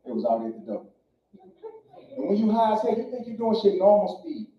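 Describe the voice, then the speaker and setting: A man from Louisiana works a stand-up set in a loose, profane storytelling style. His voice sits a little high and carries a heavy echo. It sounds dull and far from the mic, with faint room noise behind it. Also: big pitch swings, fast talker. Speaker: stand-up comedian. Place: comedy club stage.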